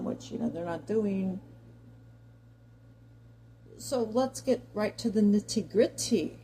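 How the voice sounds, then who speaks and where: Chatty woman with a warm, mellow voice. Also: mid-range voice, slow pace, long pauses, slight background noise, poor audio. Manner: chatty and digressive, talks directly to viewers. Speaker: commentary vlogger. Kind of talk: opinion monologue to camera.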